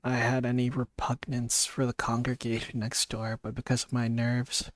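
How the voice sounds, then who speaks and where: A man's voice: medium pitch, monotone, moderate pace, no echo. A man streaming a casual read-aloud of a story, reading steadily with restarts and brief asides.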